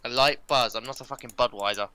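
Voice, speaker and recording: Sarcastic English man with a bright voice. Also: mid-range voice, fast talker, clear, resonant tone. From England. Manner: sarcastic, deadpan banter. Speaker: guest co-host. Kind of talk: casual chat on a livestream.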